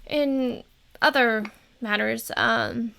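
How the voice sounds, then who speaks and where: A woman's voice: fairly high pitch, extremely slow, creaky, bright, forceful tone. A woman playing a tabletop game, speaking politely and hesitantly with many ums. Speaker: player.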